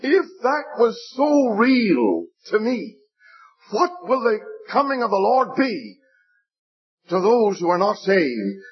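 A man's voice: high voice, wildly swooping pitch, slow pace. An older man preaching a sermon, telling stories earnestly, repeating phrases and pleading with his listeners. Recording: dull lo-fi recording.

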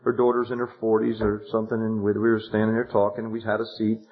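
A man preaching a sermon, retelling a counseling story, animated and swinging from hushed words to loud exclamations. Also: lowish voice, quick pace. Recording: dull lo-fi sermon tape.

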